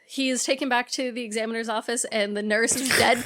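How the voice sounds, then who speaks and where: A woman with a fairly high voice, co-hosting a podcast and recapping a film. She tells it casually and animatedly, acting out each quoted line. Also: fast. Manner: animated retelling with acted-out quotes and laughter. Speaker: podcast co-host.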